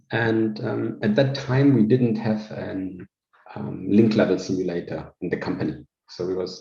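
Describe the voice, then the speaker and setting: A man giving an informal technical talk over a video call, relaxed and hesitant, with many fillers and restarts. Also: deep voice. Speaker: invited speaker, research scientist. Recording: roomy, dull lo-fi call audio.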